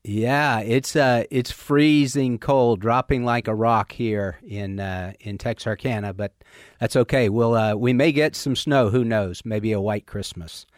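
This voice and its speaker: A man, a pastor hosting a radio talk show, chatting with a guest in a halting way full of fillers. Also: mid-range voice, no echo, clean studio sound. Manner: warm, halting, many fillers. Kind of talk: casual interview chat.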